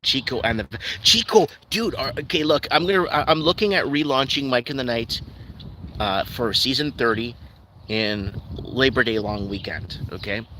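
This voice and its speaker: A man's voice: medium pitch, normal speed. A man hosting a live stream, rambling and ranting skeptically while reading out viewer comments. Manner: ranting, skeptical, loose and rambling with frequent restarts. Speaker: livestream host. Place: at home in Calgary. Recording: steady background noise with passing vehicles.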